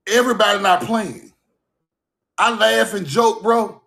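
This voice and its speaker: A man ranting loudly on a livestream from home, swearing, repeating "bro" and laughing between points. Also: sits high, a little slow, vocal fry. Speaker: livestream host. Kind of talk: heated livestream rant.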